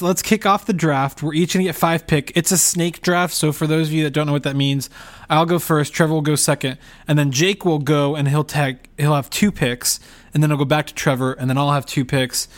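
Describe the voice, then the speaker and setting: A man co-hosting a casual film podcast, talking quickly and jokingly, running the draft. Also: on the high side. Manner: animated, quick, jokey. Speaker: podcast co-host. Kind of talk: casual chat.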